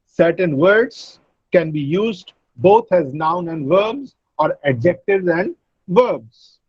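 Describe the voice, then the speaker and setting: Casting: male teacher lecturing over a video call, high voice, dry muffled audio, patient repetition. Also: no room sound. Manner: explains slowly, repeats example words. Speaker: English teacher. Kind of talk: online class lecture.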